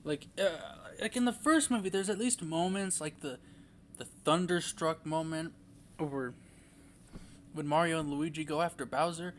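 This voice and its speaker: A man's voice: a little high, moderate pace, a bit bright, slight background noise. A young man giving a casual, rambling movie review, full of fillers and restarts.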